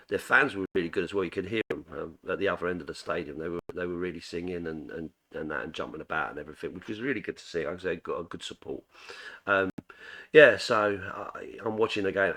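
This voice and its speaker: A man's voice: low voice, pushed and bright. A middle-aged man casually reviewing a football match as a fan, rambling with frequent restarts. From England. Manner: rambling, full of restarts and fillers.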